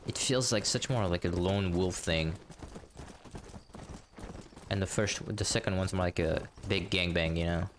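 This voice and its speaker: A man's voice: sits low, measured pace, long pauses, noisy background. A man casually commenting while he plays a game live, chatty and profane, answering his viewers as he goes. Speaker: game streamer. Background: game music and horse hooves.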